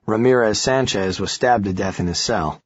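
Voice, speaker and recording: Low husky male audiobook narrator. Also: moderate pace, muffled recording. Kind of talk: first-person thriller narration.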